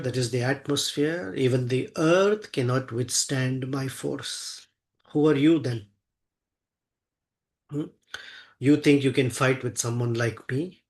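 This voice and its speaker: A man voicing a scornful young demon warrior. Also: medium pitch. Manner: taunting, mocking.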